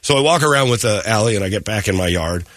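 A man in his fifties hosting a morning radio show, telling a story casually, profane and animated, acting out every voice. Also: fairly low pitch, quick pace, dry recording. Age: 50s. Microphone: studio mic.

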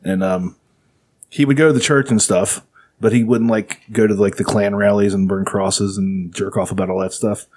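Casual co-host, slightly low husky male voice, loose and profane, full of fillers. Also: fairly even intonation, moderate pace, a little mellow. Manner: rambling, profane, filler-heavy. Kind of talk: casual storytelling chat.

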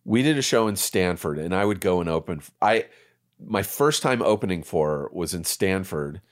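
A man in his fifties, an actor guest on a podcast, telling stories in relaxed chat and swearing freely. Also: low voice, normal speed. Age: 50s. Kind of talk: casual interview chat.

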